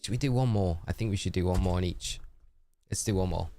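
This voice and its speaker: A gaming live streamer with a low, warm voice talks fast over soft background music. He sounds tired but stays chatty and upbeat, casually chatting on stream while gaming and thanking viewers by name.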